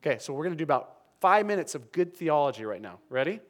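A male pastor delivers a sermon with earnest conviction, his voice sitting a little higher than most men's. He swings between brisk, lively stretches and quiet, emphatic lows. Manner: earnest, dynamic, drops to soft emphatic lows.

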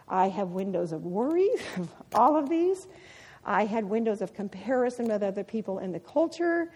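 A middle-aged woman gives a devotional talk in a large hall, her slightly husky, fairly high voice carrying a long reverb. She tells personal stories in an animated way and laughs often. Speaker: women's ministry speaker.

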